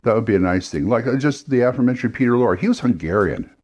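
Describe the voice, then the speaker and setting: A man's voice: mid-range voice, animated, a little mellow. A man who runs role-playing games gives casual, rambling advice on doing voices and accents, often restarting his sentences. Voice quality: rambling, with restarts and quick demos of impressions and accents. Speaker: game master.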